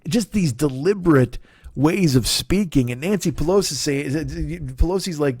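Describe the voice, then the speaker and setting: A man rants in a sarcastic, profane comedy monologue. His pitch is a little high and swings widely as he gets worked up. The recording is close and very dry. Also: lively intonation, normal speed, no echo. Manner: angry, profane, sarcastic ranting. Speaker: comedian and podcast host. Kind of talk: profane comic rant.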